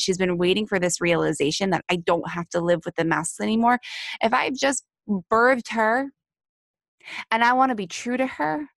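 A woman's voice: medium pitch, vocal fry, no echo, studio quality. A woman hosting a heartfelt solo podcast, talking earnestly and repeating phrases for emphasis. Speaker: podcast host.

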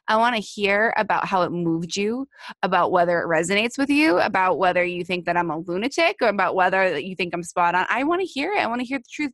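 Earnest woman podcaster with vocal fry. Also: medium pitch, dry recording, studio quality. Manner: earnest, emphatic, repeats phrases for stress. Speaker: podcast host. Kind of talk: heartfelt solo podcast monologue.

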